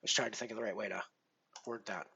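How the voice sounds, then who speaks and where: A man's voice: lowish voice, fairly even intonation, very fast, creaky, pushed and bright, husky, highs cut off. A man hosting a poker live stream in casual chat, rambling with many fillers and restarts and poking fun at himself. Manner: self-deprecating.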